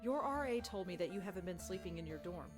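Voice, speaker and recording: A woman's voice: on the low side, animated, fast, over music, lightly acted. A woman voicing a persistent young female investigator who asks direct, probing questions in a game.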